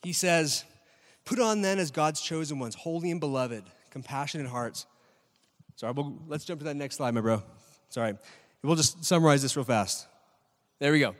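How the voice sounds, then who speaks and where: In a large church hall full of listeners, a pastor in his thirties preaches casually, asking questions and repeatedly checking in with "right?". His voice is a little high, his pace moderate, and he leaves long pauses, all with the long reverb of a big hall.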